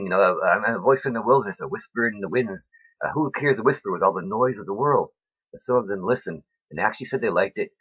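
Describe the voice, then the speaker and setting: A man with a low, husky voice and a tense, forceful edge, preaching in a rambling, emphatic way straight to his viewers. He keeps checking in with "right?" and swings between loud and hushed as emotion takes him. The sound is dull and lo-fi, like a home recording. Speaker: vlogger. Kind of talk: rambling faith talk to camera.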